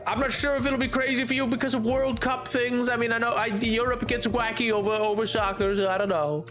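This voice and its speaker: A man's voice: extremely high pitch, steady tone, a little fast, a bit bright, faint music behind. A man streaming a game and chatting casually with his viewers, rambling and often restarting his sentences. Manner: rambling, frequent restarts and stammers. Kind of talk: casual chat with stream chat while gaming. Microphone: headphones on while streaming.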